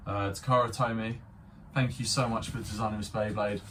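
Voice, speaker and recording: A man's voice: fairly low pitch, steady tone, a little fast, bright, forceful tone, distant mic, a little hiss or hum. A young man rambling through an unscripted toy review, swearing and poking fun at himself. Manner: rambling, sweary, self-mocking. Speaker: vlogger reviewing a spinning top toy.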